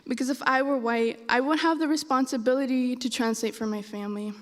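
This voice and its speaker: Young woman storyteller, Spanish native, high voice, lively delivery, hall reverb. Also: a little fast. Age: young adult. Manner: animated, acts out dialogue. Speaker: student storyteller. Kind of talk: personal storytelling on stage. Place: college stage.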